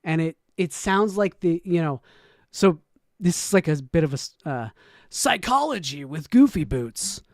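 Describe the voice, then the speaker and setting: A man's voice: a little high, normal speed, dry recording. Rambling joking man, dry close sound. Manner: rambling, joking, swings from mumbles to loud whoops; frequent restarts and laughs, profane. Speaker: streamer reacting to a video. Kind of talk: casual reaction commentary.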